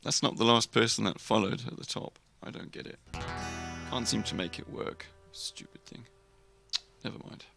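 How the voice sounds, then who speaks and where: A man's voice: lowish voice, moderate pace, gravelly, pushed and bright, faint music behind. A man streamer chatting casually and rambling to his viewers, chuckling as he goes. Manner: rambling, chuckling, talks to chat. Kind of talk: casual live stream chat.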